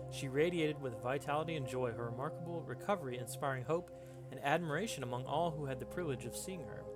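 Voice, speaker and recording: A man voicing a formal, upbeat 1920s male newsreader who reads a period news article aloud in a measured, announcing manner. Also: mid-range voice, close to an everyday voice.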